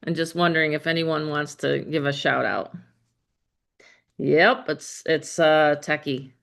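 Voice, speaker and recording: A talkative woman in her late fifties leads a casual group call as a business trainer. Her voice is bright and forceful, sitting a little low, and she rambles from one aside to the next with easy laughter, speaking into a desk microphone at home. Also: steady tone, unhurried, creaky. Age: 50s. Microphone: headset or desk microphone.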